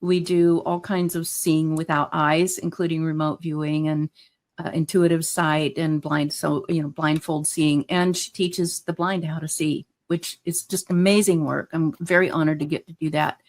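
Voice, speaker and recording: A woman with a fairly low voice speaks as a guest in a relaxed interview. She talks earnestly and with enthusiasm, filling her sentences with small fillers. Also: moderate pace. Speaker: guest, hypnotherapist. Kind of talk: casual interview chat.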